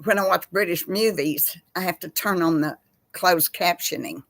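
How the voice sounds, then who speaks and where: A Texan woman, older, hosting a casual chat from her home kitchen in a slow folksy drawl. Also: fairly low pitch, gravelly, no room sound. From Texas. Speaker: host. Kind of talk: casual chat with live chat viewers.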